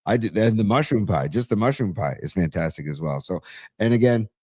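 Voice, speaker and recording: Low-voiced man co-hosting a podcast. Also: lively intonation, brisk, darkish tone, no echo, studio quality. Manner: enthusiastic, rambling with fillers. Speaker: podcast co-host. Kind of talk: casual chat.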